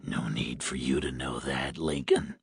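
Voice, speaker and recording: A man voicing a hoarse, heavy-smoking stranger who threatens in a low, slow whisper. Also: steady tone, no room sound, studio quality, full character voice. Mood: menacing. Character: hoarse menacing man on phone, smoker.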